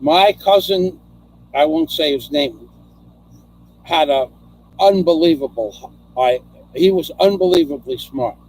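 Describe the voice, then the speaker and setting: A man's voice: on the high side, creaky, darkish tone. A middle-aged man hosting a casual chat, telling rambling stories and reading out viewer comments, often repeating himself as he goes.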